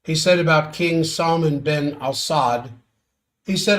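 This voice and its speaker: A man's voice: fairly high pitch, unhurried, a bit bright. A man hosting a solo world-affairs commentary stream, sardonic and exasperated as he reads out quotes and reacts.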